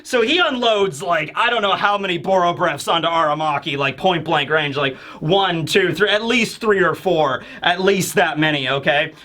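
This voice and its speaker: A man reviewing a manga chapter in casual chat, animated and acting out the characters. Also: on the high side, moderate pace, few pauses.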